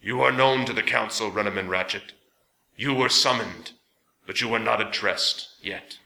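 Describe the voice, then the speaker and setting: Man playing a gravelly, slow-intoning elder of a stern council, bright edge, echoey room. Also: fairly low pitch, slight background noise, exaggerated voice. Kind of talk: audiobook character voice.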